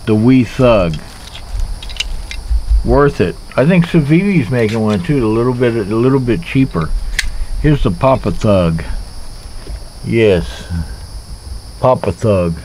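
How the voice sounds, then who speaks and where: A man's voice: medium pitch, lively intonation, slow pace, pauses often, darkish tone, slight background noise, low-quality recording. A man casually reviewing knives in a rambling, joking way, talking to himself as he handles them outdoors. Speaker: knife reviewer. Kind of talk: casual knife review vlog. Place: outdoors in a backyard.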